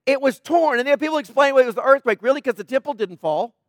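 A middle-aged man delivers a sermon in a high voice, emphatic and conversational. He keeps asking his listeners questions. The recording is dry and close. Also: expressive, quick pace, no room sound. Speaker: preacher.

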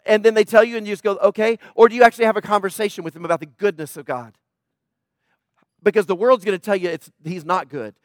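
Male pastor, high voice, urgent emphatic sermon delivery in church, dry close sound. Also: quick pace, dry recording. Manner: urgent, emphatic preaching with repetition.

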